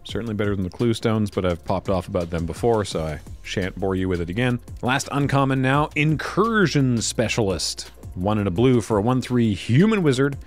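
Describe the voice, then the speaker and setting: A man's voice: on the low side, moderate pace, hardly any pauses, faint music behind. A man hosting a casual card pack review, reading card text aloud and making wry asides. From Canada. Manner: lively, wry, reads card text aloud then riffs. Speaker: host opening card packs.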